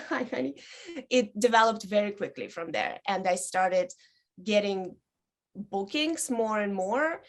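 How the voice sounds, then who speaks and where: A woman in her thirties, a burlesque dancer chatting as a guest, telling stories with many ums and likes and lively quoted voices. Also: mid-range voice. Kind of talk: casual interview chat.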